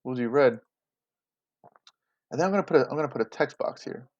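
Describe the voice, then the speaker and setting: A man's voice: mid-range voice, expressive, brisk, darkish tone. A male teacher casually explaining a play to his students, speaking to them directly, recorded with dull lo-fi audio. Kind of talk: classroom lesson explaining a play.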